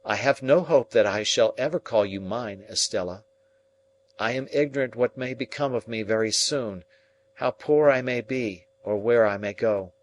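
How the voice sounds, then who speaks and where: A man's voice: mid-range voice, normal speed, close to an everyday voice. A man reading an earnest, lovesick young man who speaks in a pleading, heartfelt way.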